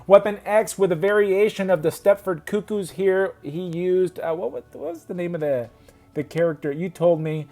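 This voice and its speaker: A man's voice: high voice, moderate pace, mellow. A man hosting a casual video about custom action figures, rambling and correcting himself as he goes. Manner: rambling, self-correcting, chatty.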